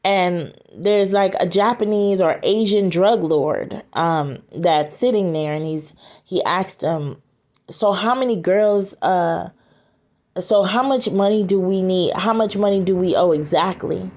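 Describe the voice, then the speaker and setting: A woman's voice: lowish voice, a little mellow. A woman retelling a story scene by scene, hurrying through quoted back-and-forth dialogue and linking each line with "and he said". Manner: quick, chains quoted dialogue with "and he said".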